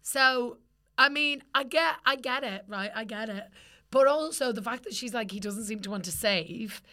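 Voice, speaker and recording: Bright-voiced young Irish woman chatting. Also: fairly high pitch, moderate pace. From Ireland. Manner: lively, sweary, laughing storyteller. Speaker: podcast co-host. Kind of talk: casual chat.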